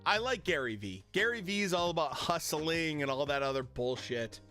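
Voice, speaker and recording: Animated, profane streamer man. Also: fairly high pitch, normal speed, soft background music. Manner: blunt and profane, riled up. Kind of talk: casual live-stream chat. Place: home streaming room with lit panel backdrop.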